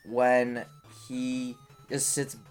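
A woman's voice: a bass voice, monotone, very slow, a little mellow, clear, resonant tone, soft background music. A woman co-hosting a podcast in casual chat, laid-back and saying "like" often. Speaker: podcast co-host.

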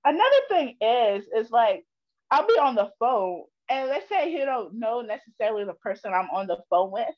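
A teenage girl on a family podcast, chatting casually and acting out her father's shouting. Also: fairly high pitch, dull audio. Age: teens. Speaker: daughter guest. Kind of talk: casual chat.

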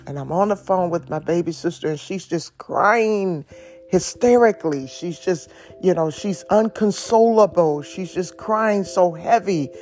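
Slow, heartfelt woman giving testimony. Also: fairly low pitch. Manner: emotional, halting, with restarts and soft laughs. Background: faint instrumental music.

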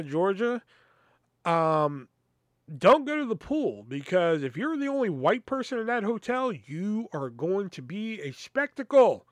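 A young man whose voice sits high hosts a podcast, with no room sound in the recording. Casual and exasperated, he rambles through personal stories and swears a lot.

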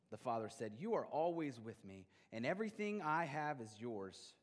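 A middle-aged male pastor delivering a sermon, swinging between loud emphatic bursts and quiet, intimate stretches. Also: on the high side. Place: church sanctuary. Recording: long hall reverb.

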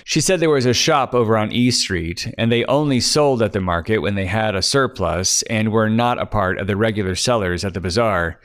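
Low-voiced man narrating a story. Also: moderate pace, hardly any pauses, a bit bright. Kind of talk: scripted narration.

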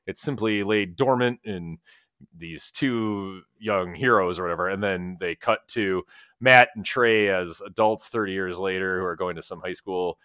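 A man rambles through a movie recap on a podcast, cursing casually and laughing at his own retelling. His voice is bright and forward. The recording is dry and slightly muffled, like a home podcast setup. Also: sits low, unhurried, clean tone, dry recording. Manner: rambling, profane, laughs while retelling scenes. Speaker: podcast co-host. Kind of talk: casual movie review chat. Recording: slightly dull lo-fi podcast audio.

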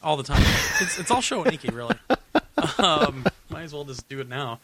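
A man hosting a gaming podcast in casual chat, rambling and correcting himself, laughing often, a little hoarse. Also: fairly high pitch, very animated, a little fast, sharp tone. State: losing his voice. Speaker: podcast host.

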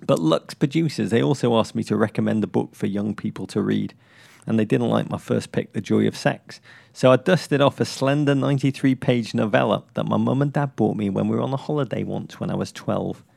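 Gravelly joking man co-hosting a podcast. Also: brisk, a little mellow. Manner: playful, teasing, bursts into high jokey tones. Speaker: podcast co-host. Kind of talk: casual comedic chat.

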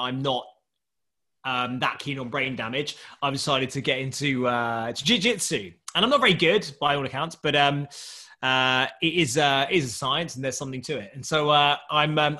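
A man, a startup founder, telling a long anecdote in casual chat, laughing often and doing voices for the people in it. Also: mid-range voice. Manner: animated storyteller who laughs often and does voices.

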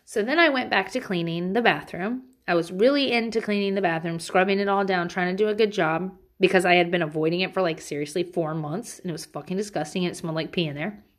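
A woman in her thirties at a mid-range pitch, talking frankly about raising kids. She tells loose, casual stories and swears without a second thought. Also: a bit bright. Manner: candid and frank, swears freely. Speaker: parent giving parenting advice. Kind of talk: casual personal storytelling.

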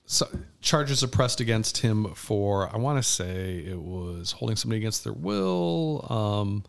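A man's voice: on the low side, measured pace, creaky. A man chatting casually as a podcast co-host, telling stories animatedly with fillers and restarts. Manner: animated storytelling, trails off with fillers. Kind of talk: casual chat.

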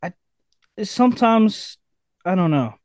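Young guy rambling about his rap stuff, kinda high voice, dry and close, lots of ums. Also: sing-song, slow, a little mellow, dry recording. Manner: rambling, laughs easily, many fillers and restarts. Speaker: rapper guest. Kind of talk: casual interview chat.

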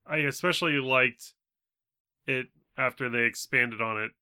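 Man, bright crisp voice, dry close sound, measured. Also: medium pitch, no echo. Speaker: podcast co-host. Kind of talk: casual chat.

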